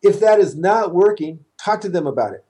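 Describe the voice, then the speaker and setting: A man's voice: high-pitched, expressive, a little fast, dark tone. A man, a therapist guest on a podcast interview, giving earnest, emphatic advice in conversation.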